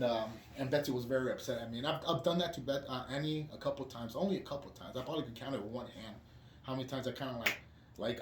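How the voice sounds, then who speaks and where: Podcast guest, male, candid and profane, faint noise behind him. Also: mid-range voice. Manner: profane, rambling, frequent restarts. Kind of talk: casual candid chat. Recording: roomy echo with background noise.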